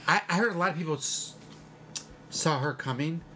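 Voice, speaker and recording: A tipsy speaker joking loudly and talking over others in a casual movie chat. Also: medium pitch, normal speed, a little hiss or hum.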